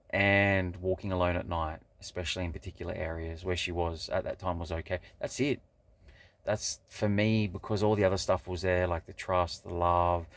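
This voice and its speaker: A man talking to camera in a loose, rambling monologue, swearing freely and restarting his sentences with lots of fillers. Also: low voice. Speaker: vlogger. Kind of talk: casual monologue.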